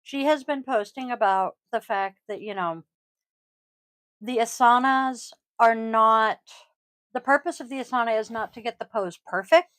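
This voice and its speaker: Chatty higher-voiced woman, dry close mic. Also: a little slow, fairly bright tone, no room sound, poor audio. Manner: rambling, chatty, frequent ums and throat-clearing. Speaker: yoga teacher and podcast host. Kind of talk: casual podcast chat. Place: home. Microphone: close podcast microphone.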